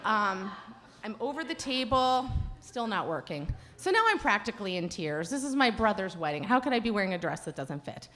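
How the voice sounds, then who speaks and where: A woman telling a self-deprecating personal story on stage at a live storytelling event, animated and self-mocking. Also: medium pitch, brisk, soft background music.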